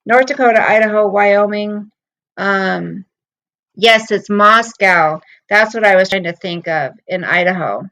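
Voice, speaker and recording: A woman's voice: medium pitch, unhurried, a bit bright, low-quality recording. Chatty middle-aged woman streaming to viewers. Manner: chatty, rambling, emotional storytelling. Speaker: livestream host. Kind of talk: casual chat with viewers.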